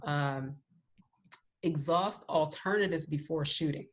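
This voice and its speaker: Low-voiced, emphatic woman podcast co-host. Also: slow pace. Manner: emphatic, interjects with firm opinions. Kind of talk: casual podcast chat.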